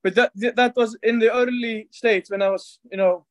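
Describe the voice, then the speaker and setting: High-voiced man asking a halting question. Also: fairly even intonation, dry recording. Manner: halting, searching for words, many "like"s. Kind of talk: casual chat on a video call. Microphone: video call.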